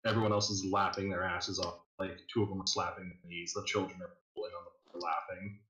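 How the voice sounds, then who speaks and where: A man's voice: low-pitched, flat delivery, fast, bright, forceful tone. A man narrating a tabletop game as game master, casual and full of fillers. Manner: casual, filler-heavy storytelling. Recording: echoey room.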